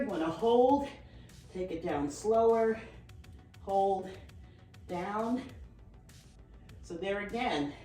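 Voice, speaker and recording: A woman's voice: medium pitch, darkish tone. Breathless fitness coach woman over music. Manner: encouraging, counts reps and cues form while exercising. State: slightly out of breath. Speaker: fitness instructor. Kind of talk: workout instruction. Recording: roomy, from a distance, with faint music.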